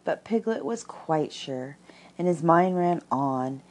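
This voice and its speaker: A woman with a low, slightly husky voice reads a storybook aloud. She takes her time, and her voice rises and falls in a lively, expressive way. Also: takes it slowly. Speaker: reader.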